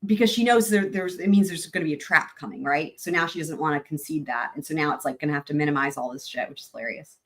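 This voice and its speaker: A woman hosting a livestream, commenting casually on trial footage with animated exclamations and swearing. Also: sits low, fast, hardly any pauses. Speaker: livestream host.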